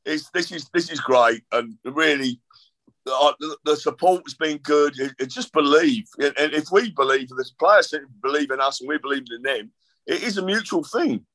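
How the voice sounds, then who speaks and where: A man's voice: fairly high pitch, moderate pace, a bit bright, no room sound. A middle-aged man, a guest author rambling through casual chat with self-deprecating jokes.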